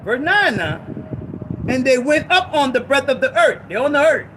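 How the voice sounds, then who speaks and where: A man preaching a sermon, exhorting listeners and reading scripture slowly, repeating lines for emphasis. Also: very high voice, big pitch swings, noisy background. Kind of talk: sermon teaching.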